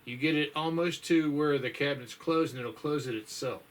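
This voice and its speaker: A man's voice: on the high side, moderate pace. A man chatting casually to his viewers in a folksy, rambling way, tired and yawning, with lots of fillers and sighs. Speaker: vlogger. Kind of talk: casual chat.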